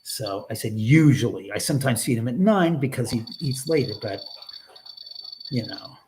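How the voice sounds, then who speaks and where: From his home, a middle-aged man hosts a casual livestream in an animated, mid-range, slightly mellow voice at a moderate pace, with slight background noise. He rambles to his viewers, talks to the chat and his dog, and swears when riled.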